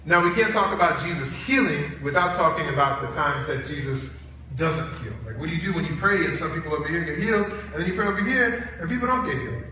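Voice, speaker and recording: High, bright-voiced preacher in an echoing hall. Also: male voice, fast, slight background noise. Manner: animated storytelling with acted-out voices. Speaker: college chapel preacher. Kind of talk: sermon. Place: large chapel hall. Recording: echoey hall, heard from a distance.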